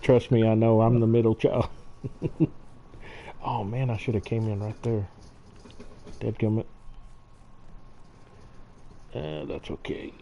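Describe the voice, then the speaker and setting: Middle-aged male streamer, warm low-key delivery, easy storyteller, muffled lo-fi mic with light noise. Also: slow pace, pauses often. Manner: chatty storyteller, laughs often. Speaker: gaming channel host. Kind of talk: casual chat while streaming a farming game. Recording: dull lo-fi stream audio, faint noise.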